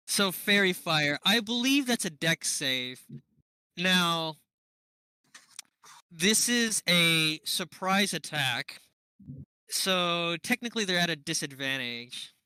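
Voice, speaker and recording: A man narrates a tabletop game as game master in an unhurried, higher-than-usual voice. His tone is bright and forward. The sound is dry and close. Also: lively intonation, smooth, no room sound, poor audio. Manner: unhurried, laughs often, thinking aloud.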